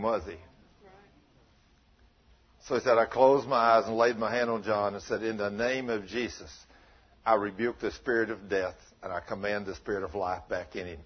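Man, husky preacher voice, muffled recording, animated storytelling sermon. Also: on the low side. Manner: animated, swings from shouting to hushed.

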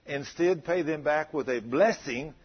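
A man preaching a sermon, telling folksy stories with a chuckle in a husky voice. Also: on the high side, a little slow, lo-fi sound.

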